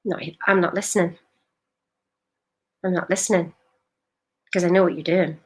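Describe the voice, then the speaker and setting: A woman's voice: lowish voice, fairly even intonation, normal speed. Emphatic woman coaching live. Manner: direct, emphatic, rhetorical questions. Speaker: life coach. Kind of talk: live-stream coaching talk.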